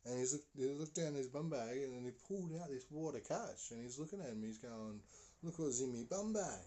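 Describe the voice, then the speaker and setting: A man's voice: medium pitch, fairly quick, mellow. A man hosting a podcast, telling a story casually and rambling with lots of fillers. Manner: rambling, full of "you know" fillers. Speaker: podcast host.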